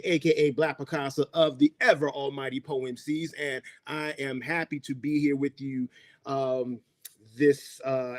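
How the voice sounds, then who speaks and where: A man hosts an online arts event in a relaxed, encouraging manner, dotting his speech with fillers. His voice sits in the middle range. The sound is dry and close, as if over a video call. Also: medium pitch, no echo. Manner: laid-back, hype, lots of fillers. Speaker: host. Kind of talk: casual hosting.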